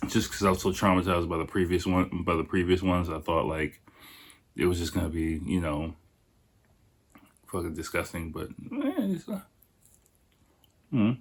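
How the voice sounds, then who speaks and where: A man's voice: deep voice, big pitch swings, moderate pace, pauses often, husky. A man hosting a casual podcast, chatting in a rambling, profane way while tasting food. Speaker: podcast host.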